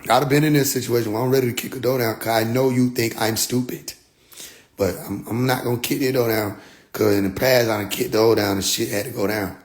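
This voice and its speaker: A young man casually telling a personal story, profane and animated, jumping from loud outbursts to low muttered asides. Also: a little fast.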